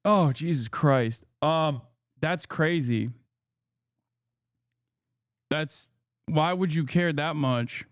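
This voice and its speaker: Deadpan guy reacting on stream, smooth clear voice, dry close mic. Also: on the high side, extremely slow, pauses often, no echo. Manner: sarcastic, deadpan, laughs often. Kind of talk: live stream reaction commentary.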